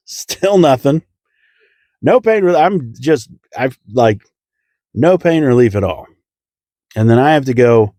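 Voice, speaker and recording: A man's voice: mid-range voice, warm tone, no room sound, studio quality. A man, a comedian hosting his own podcast, telling a rambling comic story and chuckling now and then.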